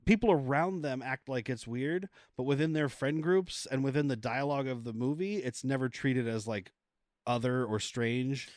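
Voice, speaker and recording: A man co-hosting a movie podcast, casually retelling scenes in an animated way. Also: mid-range voice, normal speed, dry recording, clean studio sound. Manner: animated retelling, acting out quoted lines. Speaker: podcast co-host. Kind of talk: casual movie-review chat.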